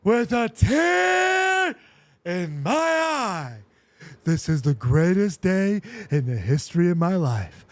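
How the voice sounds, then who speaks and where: A man doing an impression of a flamboyant veteran male pro wrestler, shouting slowly and emotionally. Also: high voice, sing-song, no room sound, exaggerated voice. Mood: boastful.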